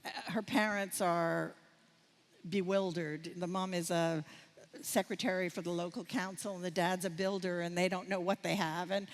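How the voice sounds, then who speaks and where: An older American casting director giving a masterclass talk, candid and rambling, with many fillers and restarts. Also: female voice, on the low side, steady tone, normal speed. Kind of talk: masterclass conversation. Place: festival stage. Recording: reverberant hall.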